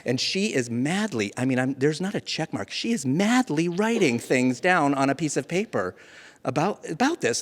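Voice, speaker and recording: A man, around his thirties, telling a personal story live to an audience, animated and often laughing at himself. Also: a little high, moderate pace. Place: museum event space before a live audience. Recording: long hall reverb.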